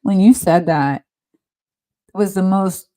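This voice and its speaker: A middle-aged woman talking earnestly in a casual, heartfelt conversation, often halting and restarting. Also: mid-range voice, dark tone. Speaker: podcast host.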